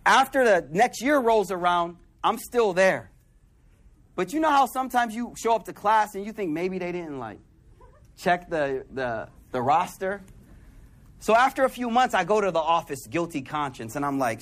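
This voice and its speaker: Male preacher, high voice, conversational storytelling sermon, animated with quiet asides. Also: moderate pace.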